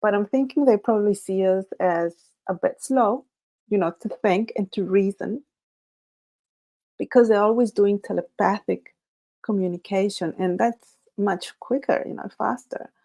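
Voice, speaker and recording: A woman whose first language is Spanish hosts a casual livestream, speaking haltingly and nervously with many restarts. Her voice is mid-range and mellow.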